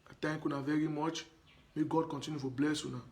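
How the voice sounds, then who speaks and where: A man's voice: on the high side, flat delivery, fast, a little mellow. A man speaking in a Cameroonian Pidgin accent, his voice sitting a little above the usual male range. He addresses his audience directly in a live stream monologue, hammering his points home through repetition and earnest appeals. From Anglophone Cameroon. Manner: emphatic and repetitive, pleading. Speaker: live broadcaster.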